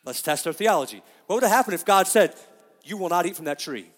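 Man, pastor, sermon, high voice, emphatic, questions to the congregation, long church reverb. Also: animated, fast, fairly bright tone.

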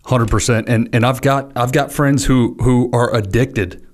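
A man's voice: medium pitch, fairly even intonation, measured pace. Easygoing co-host man, slangy. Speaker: podcast co-host. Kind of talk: casual chat with sponsor reads.

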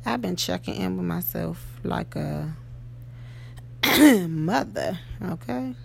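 Gravelly woman giving an emphatic pep talk. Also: fairly low pitch, animated, slow pace. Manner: emphatic, keeps asking "okay?" and "you know?". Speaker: podcast host. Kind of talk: motivational monologue.

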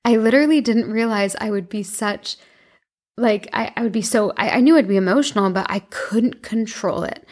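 A woman's voice: fairly high pitch, moderate pace, a little mellow. A young woman in her twenties casually telling a personal story to her viewers, chatty and emotional, with many fillers and restarts. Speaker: vlogger.

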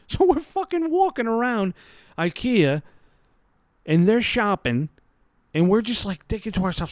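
A man's voice: sits high, animated, moderate pace, a little mellow, no room sound. A man in his thirties hosting a podcast, telling a story in a casual, rambling, self-mocking way full of swearing. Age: 30s. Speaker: podcast host. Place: lying on his bed at home.

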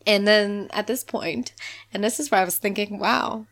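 A woman's voice: mid-range voice, moderate pace. A woman co-hosting a podcast, recapping an episode in casual chat, laughing often and acting out characters' lines. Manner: giggly, animated, quotes characters in playful voices. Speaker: podcast co-host.

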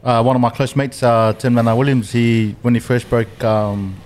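A man's voice: medium pitch, fairly even intonation, normal speed, darkish tone. A man, co-hosting a podcast and telling a story in a loose, rambling way with plenty of fillers. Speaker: podcast co-host. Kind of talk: casual storytelling chat.

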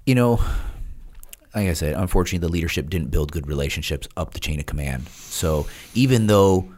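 Man, very low voice, casual storytelling, acts out quoted voices. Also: animated, brisk, darkish tone. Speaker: guest, retired Navy SEAL.

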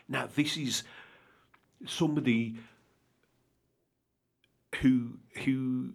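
A man's voice: lowish voice, normal speed, breathy edge. A man who runs a charity, earnestly telling his own story in an interview, rambling and often checking he is understood. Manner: earnest, rambling, keeps asking "do you understand?". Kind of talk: candid personal account in an interview.

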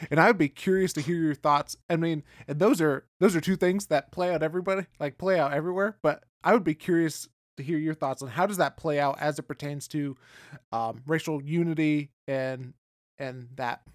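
A man's voice: a little high, brisk, no room sound, clean studio sound. A male podcast host asking interview questions hesitantly, with many ums and restarts.

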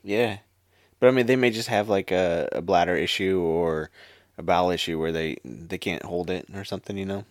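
Low-voiced, laid-back sarcastic man. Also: normal speed, no room sound, studio quality. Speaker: podcast co-host, healthcare worker. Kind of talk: casual podcast chat.

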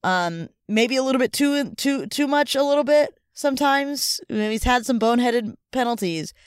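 Co-host type, smooth clear voice, dry sound, chatty rambling storyteller, upbeat. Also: mid-range voice, moderate pace, dry recording. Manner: rambling, many "like" and "you know" fillers; enthusiastic, upbeat. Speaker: sports podcast co-host. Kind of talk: casual chat, retelling a story.

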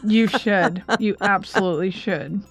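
A woman's voice: mid-range voice, slightly rough, no room sound, faint music behind. Chatty woman podcast co-host. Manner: chatty, laughs often, slows down for emphasis. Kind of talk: casual chat.

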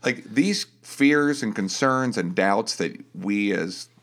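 Low gravelly-voiced man, easygoing. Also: expressive, slow, a bit bright. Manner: easygoing, jokes, reads passages aloud. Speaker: podcast co-host. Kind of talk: casual faith discussion.

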